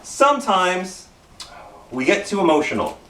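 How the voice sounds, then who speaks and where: A middle-aged Canadian pastor preaches a casual sermon packed with self-deprecating personal stories, repeating phrases as he goes. His high, pushed, bright voice is very animated yet unhurried, heard off-mic with roomy church acoustics.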